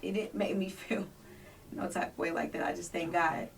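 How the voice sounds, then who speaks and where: A woman's voice: fairly low pitch, fairly even intonation, normal speed, creaky, recorded from a distance. A woman telling a personal story as a podcast guest, acting out voices and dropping to near whispers.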